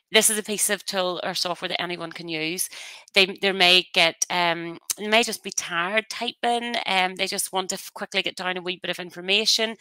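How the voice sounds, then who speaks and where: A trainer demonstrates software in a webinar, speaking through a headset mic in a chatty, explanatory style with practical asides. Her voice is medium-pitched and the recording is dry.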